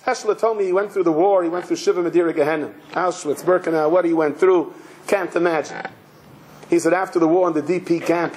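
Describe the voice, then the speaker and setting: A rabbi delivering a sermon, a man whose voice sits high for a man. He tells emotional stories and leans on repeated phrases for weight, with faint noise in the background. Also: steady tone, brisk, darkish tone, low-quality recording.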